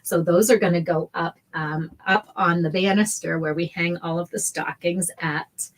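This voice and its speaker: A woman's voice: on the low side, fairly even intonation, moderate pace. A middle-aged woman hosting a casual sewing livestream, chatty and heartfelt, greeting viewers by name. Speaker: sewing show host. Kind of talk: casual livestream tutorial chat.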